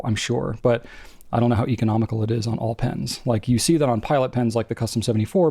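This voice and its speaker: A man co-hosting a podcast who rambles and thinks out loud, circling back on himself. His voice sits at a middling pitch, recorded dry and close in a studio. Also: vocal fry, no room sound. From New England. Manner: rambling, thinks aloud with restarts. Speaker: podcast co-host. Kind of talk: casual chat.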